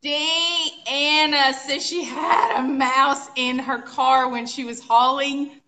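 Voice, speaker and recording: A woman, co-hosting a live furniture painting show and telling animated, exclamatory stories full of sound effects. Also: high-pitched, slow pace. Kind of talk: casual storytelling chat.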